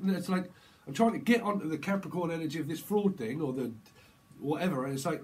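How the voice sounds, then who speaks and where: A man giving a casual, rambling tarot reading, breaking into quick acted-out exchanges full of slang. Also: a little high, expressive, a little mellow, poor audio. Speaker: tarot reader.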